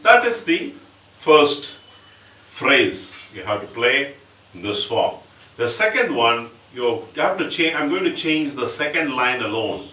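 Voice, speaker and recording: In a medium-pitched, sing-song voice, a bit slow, a man leads a percussion lesson, patiently breaking down each step and chanting rhythm syllables. The recording is very noisy and roomy, captured from a distant mic with an instrument playing.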